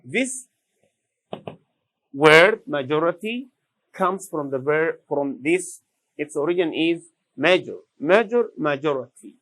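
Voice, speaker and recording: A man teaching English vocabulary, repeating each word slowly and deliberately. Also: on the high side, a bit bright, poor audio. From Sudan. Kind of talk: slow classroom vocabulary lesson.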